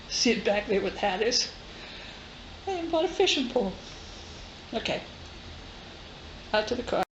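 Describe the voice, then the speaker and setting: An older woman vlogging casually, chatty and enthusiastic as she shows her gear, first in a garage and then outside by a car. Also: medium pitch. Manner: chatty and enthusiastic, thinking aloud. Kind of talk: casual show-and-tell video. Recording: dull recording with noise behind.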